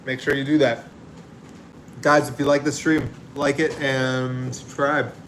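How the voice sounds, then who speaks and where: A man's voice: mid-range voice, level tone, measured pace, a bit bright. An easygoing man chats on a casual livestream, rambling from one thought to the next and laughing easily. He sits outdoors, and a faint hiss of noise sits under his voice. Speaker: livestream host. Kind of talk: casual livestream chat, reading viewer comments.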